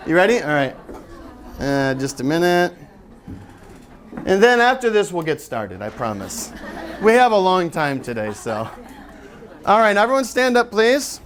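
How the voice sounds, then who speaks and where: A middle-aged man with a high-pitched voice leads a live workshop, cracking jokes and coaxing the audience to join in. A faint hiss of background noise sits under his talk. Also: sing-song, a little slow, pauses often, fairly bright tone, some chatter behind. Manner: chatty, joking, audience-engaging. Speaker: author and teacher giving a seminar. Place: lecture room with an audience.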